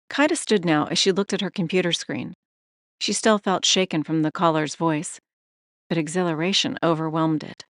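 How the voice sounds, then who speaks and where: A woman reads an audiobook narration in a steady, measured way. Her voice sits on the low side, recorded close and dry with no room sound at all. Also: no echo. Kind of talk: scripted narration.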